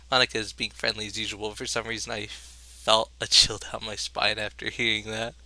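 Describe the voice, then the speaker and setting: A man's voice: fairly low pitch, little pitch movement, moderate pace, bright, forceful tone. A man playing through a visual novel, reading the narration aloud and adding profane, joking commentary. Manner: profane, jokey, reads narration with rising emotion. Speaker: let's play host.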